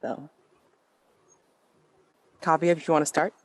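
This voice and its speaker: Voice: medium pitch, flat delivery, measured pace, no echo. A game master hosting a tabletop game, chatting casually and narrating with lots of hesitant ums.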